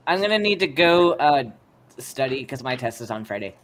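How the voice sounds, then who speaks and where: A man's voice: medium pitch, sing-song, normal speed, a bit bright, slight background noise. A male student in a casual group voice chat, teasing the others and excusing himself to study.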